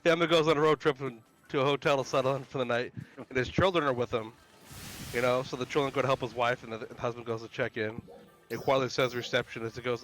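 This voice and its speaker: A man on a game stream telling crude jokes in a deadpan delivery, swearing freely. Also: mid-range voice, fast, faint music behind, rough recording. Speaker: friend on the stream.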